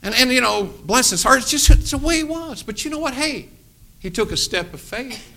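Bright-voiced animated preacher man. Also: extremely high pitch, moderate pace, creaky. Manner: animated storyteller, acts out voices, swings from loud to hushed. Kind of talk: sermon with storytelling.

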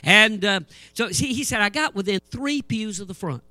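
An older preacher with a high, piercingly bright voice spins folksy church stories. He acts out the people in them with lively energy, and the sound is close and dry. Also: moderate pace, no room sound. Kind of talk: humorous sermon storytelling.

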